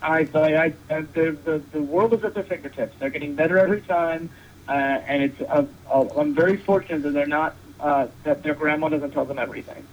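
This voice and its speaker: A man's voice: on the high side, a little fast. A man guesting as a wrestling referee on a casual podcast, joking and rambling with many restarts. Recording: dull lo-fi sound with faint noise.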